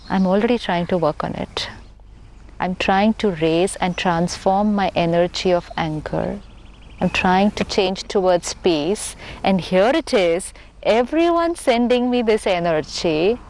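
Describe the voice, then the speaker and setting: A woman with an Indian accent, speaking as a spiritual teacher in a talk-show conversation, measured and earnest, repeating key phrases for emphasis. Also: mid-range voice, a little mellow, slight background noise.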